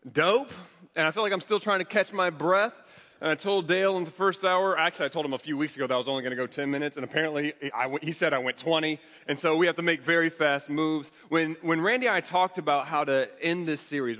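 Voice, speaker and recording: A man preaching a sermon to his congregation, earnest, with quick restarts and repeated words. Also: fairly high pitch, a bit bright, big-room sound. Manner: earnest, rapid with frequent restarts.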